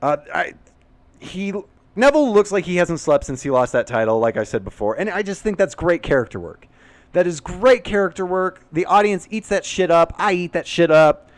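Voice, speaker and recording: A man talks through a recap in a casual, opinionated ramble that is full of swearing. His voice sits a little high for a man. The sound is dry and close, with no room echo. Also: expressive, normal speed. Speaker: YouTube wrestling recap host. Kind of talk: casual unscripted commentary.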